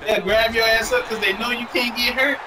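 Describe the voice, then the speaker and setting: Loud, profane man gaming with friends. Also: very high voice, fairly even intonation, fairly quick. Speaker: gamer. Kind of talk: casual gaming chat. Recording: distant mic with game crowd.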